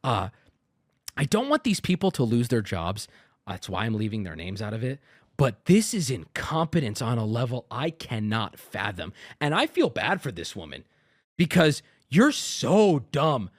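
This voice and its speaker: A man's voice: on the low side, normal speed, no echo, clean studio sound. A man in his thirties, a streamer, angrily retelling a customer service call to his audience, swearing and quoting both sides. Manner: angry, profane, animated retelling with quoted dialogue. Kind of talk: ranting story to a stream audience.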